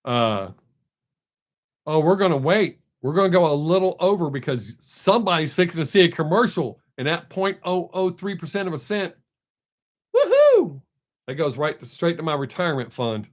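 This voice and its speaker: A man's voice: fairly high pitch, expressive, fairly quick. A middle-aged man, chatting loosely and profanely with viewers as a live-stream host. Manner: rambling, loose and profane, with frequent restarts. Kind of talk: casual live-stream chat.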